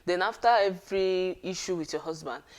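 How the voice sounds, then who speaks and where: A woman's voice: lowish voice, moderate pace. A woman giving an earnest, casual talk on marriage and often checking in with her listeners. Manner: earnest, conversational, with frequent check-ins to listeners.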